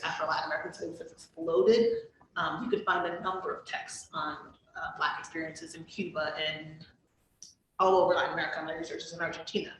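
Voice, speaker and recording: Woman academic guest, low-pitched, chatty and full of ums, recorded from a distant mic. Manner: chatty, frequent ums and likes, laughs easily. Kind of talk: conversational storytelling. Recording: roomy, distant mic with faint noise.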